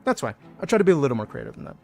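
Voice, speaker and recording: A man's voice: on the high side, sing-song, racing, a little mellow, husky. A man streaming a game, joking around playfully and reading out viewer messages. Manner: playful, jokey, reads chat aloud. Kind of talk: casual gaming stream chat.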